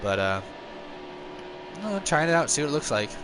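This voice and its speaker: Against a noisy background, this man talks at a normal speed while livestreaming a racing game. He chats casually with his viewers, pokes fun at himself, and yelps high with excitement once the racing heats up.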